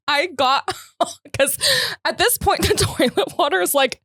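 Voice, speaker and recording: A woman co-hosting a podcast, telling a story in casual chat, animated and laughing as she acts out what others said. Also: high voice, slow, dry recording, studio quality. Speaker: podcast co-host.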